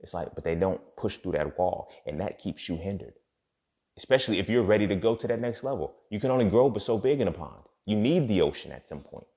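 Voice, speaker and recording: A man's voice: on the low side, animated, fairly quick, mellow. A man hosting a casual motivational monologue, talking in profane street slang and often asking "you feel me". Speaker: podcast host. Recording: dull lo-fi recording.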